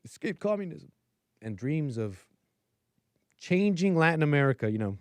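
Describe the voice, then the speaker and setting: This livestream host sounds a little high and very animated, speaking at normal speed as he rambles through his opinions with lots of fillers. The recording is dry.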